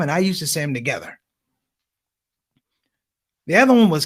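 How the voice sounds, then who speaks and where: A man doing stand-up comedy, telling stories as an animated storyteller with big voice swings. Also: on the high side, moderate pace, pauses often.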